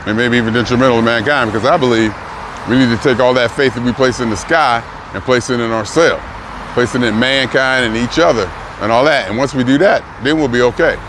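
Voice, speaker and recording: A man's voice: medium pitch, quick pace. A man in his sixties musing aloud in a rambling, emphatic casual vlog, repeating himself as he works through his thoughts. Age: 60s. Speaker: vlogger. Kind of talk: reflective casual monologue. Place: outdoors near a car rental lot. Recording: noisy outdoor street recording. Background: traffic and city noise.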